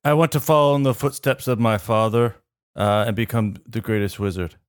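A man's voice: lowish voice, steady tone, a little fast, smooth, no room sound, studio quality. A man playing in a tabletop game, talking hesitantly with stammers and a goofy tone.

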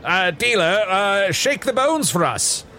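Man playing a pompous old-timey wizard, stammers a lot, pitch bounces all over. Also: sing-song, unhurried, heavy background noise, exaggerated voice. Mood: formal. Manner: stammering, mock-archaic and formal. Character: fussy self-important male wizard. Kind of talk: improvised comedy role-play.

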